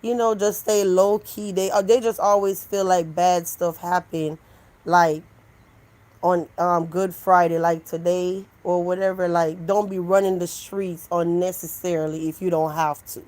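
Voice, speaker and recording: A woman's voice: fairly low pitch, measured pace, poor audio. A woman, a live stream host from Jamaica, chatting casually with her viewers and answering their messages. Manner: animated, talks back to chat, switches into mocking voices.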